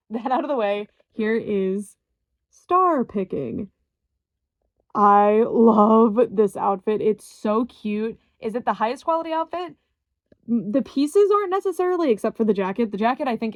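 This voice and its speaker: Young woman gushing about dolls, bit of vocal fry, dry close sound. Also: medium pitch, normal speed, dry recording. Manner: chatty, enthusiastic, frequent fillers and small laughs. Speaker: doll collector reviewer. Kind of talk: casual unboxing review.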